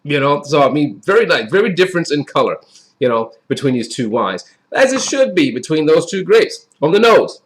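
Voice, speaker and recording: A man's voice: fairly high pitch, very animated, brisk, slight background noise. A man giving a casual, chatty wine review in a folksy way that often repeats itself. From Wisconsin.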